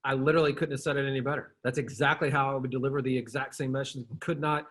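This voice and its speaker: A man's voice: medium pitch, steady tone, fast, a bit bright. A man hosting a casual interview, talking emphatically and bluntly with plenty of swearing and slang. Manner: emphatic and blunt, with frequent swearing and "dude", "bro". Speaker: podcast host.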